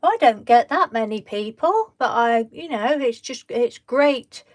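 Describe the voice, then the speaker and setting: A woman with a fairly high voice chats her way through a crafting live stream at an unhurried pace. She greets viewers by name and answers their comments from the chat. She reassures them gently, often losing her thread and starting the sentence again. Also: expressive.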